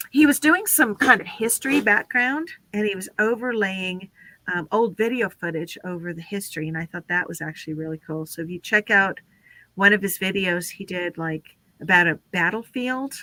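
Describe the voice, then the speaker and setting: A woman's voice: on the low side, normal speed, bright, forceful tone, no echo. A woman hosting a casual live stream, chatting with guests and running through lists of names. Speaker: livestream host.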